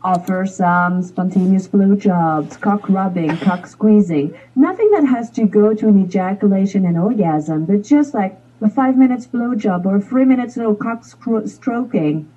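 Husky, frank female coach. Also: mid-range voice, a little slow, hardly any pauses, warm tone, lo-fi sound. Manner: frank, direct, easygoing. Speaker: guest, intimacy coach. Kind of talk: explaining tips on a talk show.

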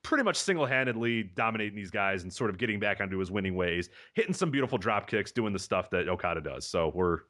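Brief: male podcast co-host, fast talker, expressive pitch, easygoing and quick to laugh. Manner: quick, animated, laughs easily. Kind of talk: casual chat.

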